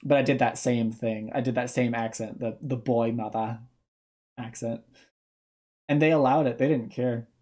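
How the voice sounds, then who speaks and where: A man's voice: medium pitch, fairly even intonation, normal speed, a little mellow. A young man giving casual reaction commentary, rambling off on tangents and restarting his sentences.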